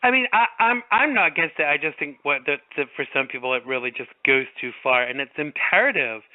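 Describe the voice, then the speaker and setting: A man hosting a radio talk show, his voice pitched a little high. He is playful and hammy, laughing easily. The sound is dry and thin, like a phone line. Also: expressive, a little fast, no room sound. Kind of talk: casual radio chat. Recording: tinny phone-like radio audio.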